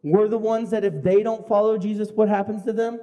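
Man, pastor preaching, high voice, mellow tone, earnest, stumbling restarts. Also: steady tone, a little fast, big-room sound. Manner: earnest, repeats words in restarts. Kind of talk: sermon.

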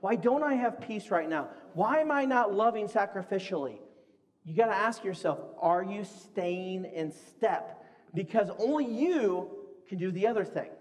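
A man preaching a conversational sermon to a congregation, lively and acting out the voices he quotes. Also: high voice, a little slow. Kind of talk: sermon with audience games. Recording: long hall reverb.

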